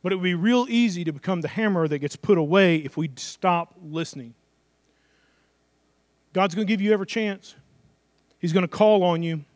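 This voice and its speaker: High-voiced man preaching a conversational sermon. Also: normal speed, long pauses, no echo. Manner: conversational preaching with acted-out asides and rhetorical questions. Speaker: pastor.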